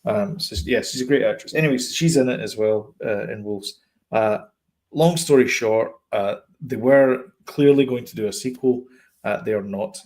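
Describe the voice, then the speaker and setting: A man's voice: on the low side, moderate pace, darkish tone. Chatty man rambling about movies. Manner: chatty, meandering storyteller. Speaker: podcast co-host. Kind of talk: casual chat about films and TV.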